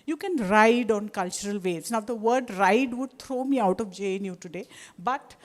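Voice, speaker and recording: A woman's voice: mid-range voice, normal speed. Indian woman lecturing, discursive and chatty. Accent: Indian English. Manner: discursive, with many restarts and asides. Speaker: guest speaker. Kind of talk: lecture to a live audience.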